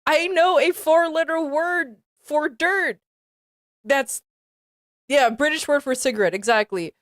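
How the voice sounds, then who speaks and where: A high-voiced young woman streamer talks slowly, drawing out her reactions. She sounds giggly and disbelieving, and her voice is close and dry with no room sound. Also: a bit bright, dry recording. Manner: giggly and incredulous, often breaking into laughter. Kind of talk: casual live-stream reading commentary.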